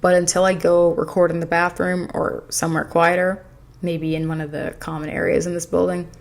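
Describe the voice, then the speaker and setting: A woman's voice: fairly low pitch, level tone, brisk, gravelly. A woman vlogger telling a storytime in a rambling, chatty way, full of fillers, recorded on a desk mic in her apartment. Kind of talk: casual storytime chat. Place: apartment in a noisy city.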